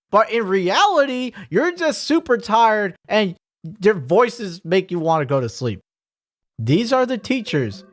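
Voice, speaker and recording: A man giving a mock-instructional comedy monologue, sarcastic and deadpan at times, stammering repeated words, then bursting into animation. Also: high voice. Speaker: comedy vlogger.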